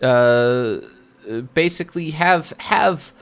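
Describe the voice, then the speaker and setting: A man's voice: on the high side, slow pace, gravelly, clear, resonant tone. A man answering viewer questions as a game master in casual chat. He thinks aloud, restarts his sentences, and explains with examples from his own campaign.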